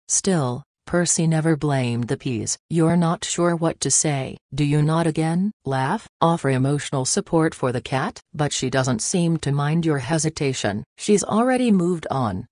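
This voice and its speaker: A woman's voice: sits low, lively intonation, unhurried, few pauses, darkish tone, dry recording, clean studio sound. A woman narrating a second-person story for English learners in a wry, playful scripted style.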